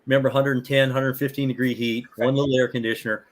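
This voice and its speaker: An older man, a martial arts instructor, chatting as a guest in a rambling, animated way with many fillers and restarts. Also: mid-range voice, quick pace. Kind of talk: casual storytelling.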